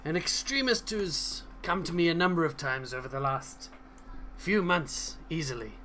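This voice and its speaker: A man doing a booming, excitable foreign scholar. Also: normal speed, a little hiss or hum. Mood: grave. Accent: put-on foreign accent. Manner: loud, exclaiming, theatrical. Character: excitable male scholar of doomsday lore, gruff and dramatic.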